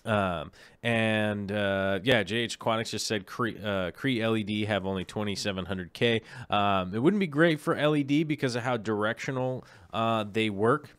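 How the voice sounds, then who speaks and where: A man hosts a casual live stream, talking through questions in a loose, rambling way, full of ums and self-corrections. His voice sits a little low and sounds smooth and clean. The recording is dry and close, with no room sound. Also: normal speed, fairly bright tone, no room sound. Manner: rambling, many ums and restarts. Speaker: aquarium show host.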